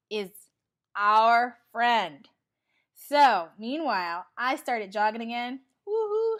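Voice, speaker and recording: A woman in her forties talking casually in a motivational vlog, chatty and animated, acting out what people say. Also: on the high side. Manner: chatty and animated, acts out quoted lines. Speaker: vlogger.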